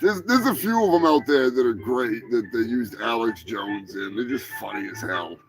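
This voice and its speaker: A man's voice: mid-range voice, lively intonation, moderate pace. A man hosting a live comedy podcast, joking crudely and swearing a lot. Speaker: podcast host. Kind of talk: casual comedic live show.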